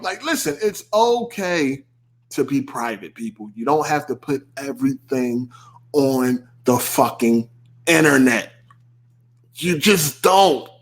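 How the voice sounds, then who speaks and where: A man hosting a podcast, ranting in casual speech with lots of swearing and mocking asides. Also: fairly high pitch. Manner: animated, swearing, laughing, mocking quoted voices. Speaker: podcast host. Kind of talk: casual rant.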